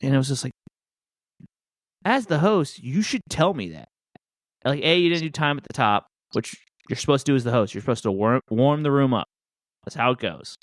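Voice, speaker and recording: A man who does stand-up, chatting casually and telling stories with quick voiced asides. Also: medium pitch, lively intonation, no room sound, clean studio sound. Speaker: podcast host and stand-up comic. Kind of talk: casual chat.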